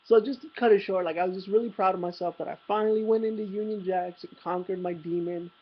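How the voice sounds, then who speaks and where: A man's voice: high voice, fairly even intonation, fast, highs cut off. A young man vlogging, telling a rambling, profane story about a night out with self-mocking humor. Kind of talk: casual storytelling.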